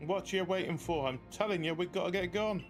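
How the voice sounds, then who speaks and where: A man voicing a gruff male commander in a put-on Cockney accent, giving blunt orders. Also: sits high, a little fast, soft background music, voice pushed up, close to an everyday voice. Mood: urgent.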